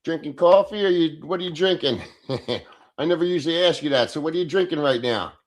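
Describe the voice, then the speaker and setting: A man's voice: fairly high pitch, brisk. Blunt, profane man streaming. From Philadelphia, USA. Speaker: livestream host. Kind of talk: casual livestream chat reading comments.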